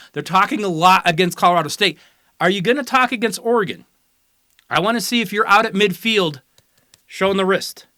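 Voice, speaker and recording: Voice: medium pitch, pushed and bright, no echo, clean studio sound. A host giving opinionated college football commentary in a sarcastic, teasing, lecturing way.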